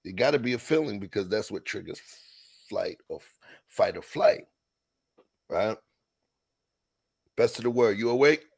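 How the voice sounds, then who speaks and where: A man with a somewhat low voice leads a casual panel talk. He lectures in an informal, insistent way and keeps turning to the others for their views. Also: animated, measured pace, creaky, pauses often, a little mellow, breathy edge.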